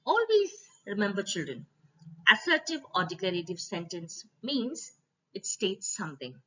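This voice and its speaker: A woman teacher giving a slide-based grammar lesson, speaking to children and repeating each rule slowly. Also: medium pitch, big pitch swings. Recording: dull lo-fi voice recording.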